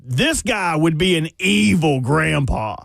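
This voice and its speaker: A man with a somewhat high voice co-hosts sports radio, joking and laughing often. The sound is dry and close at the studio mic. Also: expressive, takes it slowly, creaky, a bit bright, no room sound. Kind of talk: casual sports radio banter.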